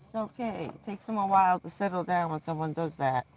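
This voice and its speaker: With crowd noise in the background, a van dweller livestreams from inside her parked vehicle at night. Her lowish voice is blunt and quick to curse as she flips between scolding her dog and calming it.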